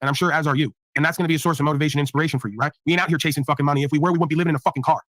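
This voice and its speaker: A man hosts a livestream panel, lecturing in a profane, preachy, motivational way. His voice is bright and a bit high, and he talks at a rapid clip. The sound is close and dry. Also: steady tone, no room sound. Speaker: panel host.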